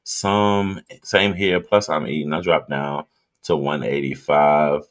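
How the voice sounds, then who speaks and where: A man's voice: very deep voice, steady tone, takes it slowly. A man hosting a casual livestream, reading viewer comments and talking loosely and directly to his audience while drinking. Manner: loose, chatty, talks straight to viewers. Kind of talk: casual live chat.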